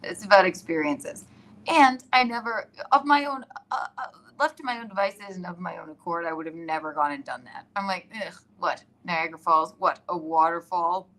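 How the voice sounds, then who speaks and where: Excitable rambling woman live-streaming. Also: mid-range voice, a little fast. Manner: excitable, rambling storyteller who laughs often. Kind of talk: casual live-stream chat. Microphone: iPad.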